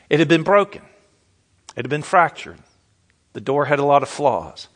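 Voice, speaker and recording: A man preaching a sermon as a pastor, conversational and folksy, slowing down to stress key words. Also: fairly high pitch, animated. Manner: conversational, folksy, slows down for emphasis.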